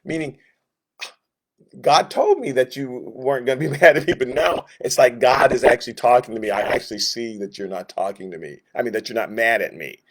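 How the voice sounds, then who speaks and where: A man's voice: medium pitch, brisk. A man teaching a Sunday school Bible lesson, telling the story in a casual, joking way and acting out what the characters say in different voices.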